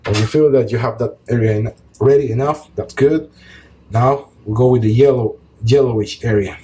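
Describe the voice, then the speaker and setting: A man teaching a beginner painting lesson, talking things through calmly as he paints. His voice is mellow and relaxed, with frequent small pauses and fillers. A faint background hiss sits under the voice. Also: mid-range voice, poor audio. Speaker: art teacher. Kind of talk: step-by-step painting tutorial.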